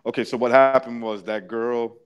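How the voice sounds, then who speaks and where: A man's voice: medium pitch, flat delivery, normal speed, smooth. A man in a casual podcast chat, talking bluntly and crudely.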